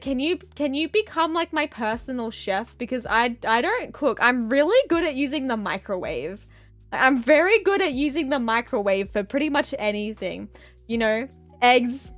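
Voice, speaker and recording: A woman's voice: high voice, fairly bright tone. A young woman streaming, rambling playfully and goofily as she chats with her viewers. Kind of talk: casual chat reading viewer comments.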